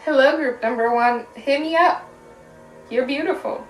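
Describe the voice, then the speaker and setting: A young woman giving a casual pick-a-card tarot reading, chatty and giggly, with casual swearing and drawn-out emphasis. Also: high-pitched. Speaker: tarot reader. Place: room at home. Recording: echoey room, voice a bit far from mic, faint music.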